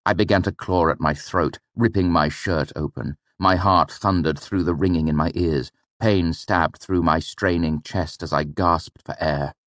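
A man reading first-person narration for an audiobook in a measured, steady storytelling manner. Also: low-pitched, no echo.

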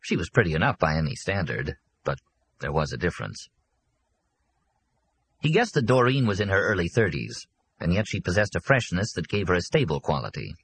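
A man narrating an audiobook in a steady, measured storytelling manner. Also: low voice, slightly rough, poor audio. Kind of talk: scripted narration.

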